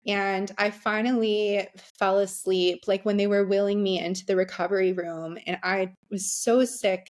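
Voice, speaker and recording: A young adult woman speaks as a podcast guest, recounting her own experience in an open, candid way. She talks in a middle pitch, often pausing on ums and restarting sentences as she goes. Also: flat delivery. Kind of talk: conversational storytelling.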